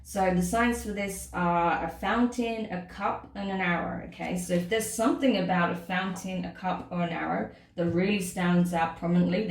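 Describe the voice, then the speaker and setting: A woman's voice: lowish voice, darkish tone, far from the mic, slight background noise. A woman giving a casual tarot reading, chatting to the listener and often checking in with "okay?" and "right?". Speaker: tarot reader. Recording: echoey room, voice off-mic.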